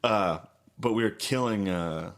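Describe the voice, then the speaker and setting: A man's voice: lowish voice, unhurried. A young man co-hosting a podcast, telling sports stories in crude, casual talk and swearing freely. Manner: drawling, swears, acts out quotes. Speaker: podcast co-host. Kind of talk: casual crude chat, storytelling.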